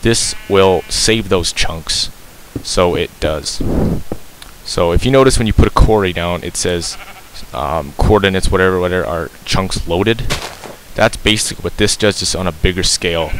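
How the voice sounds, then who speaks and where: Low-voiced man explaining a game, rambling. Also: normal speed, noisy background. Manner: rambling, self-correcting, frequent ums. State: breathing heavily. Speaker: game tutorial maker. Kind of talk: casual gameplay tutorial. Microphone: cheap mic very close to mouth.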